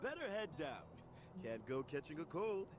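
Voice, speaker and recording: A caring cookie father speaks in a gentle, reassuring mid-range voice that moves lively in pitch. Clear game music sits behind him. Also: moderate pace. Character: kindly adult male cookie, caring parent. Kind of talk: game voice acting.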